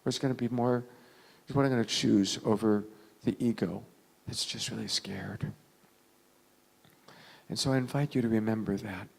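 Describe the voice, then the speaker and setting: A man telling an emotional story to an audience, dramatic, dropping from loud lines to near whispers. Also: on the low side, moderate pace, gravelly, pauses often.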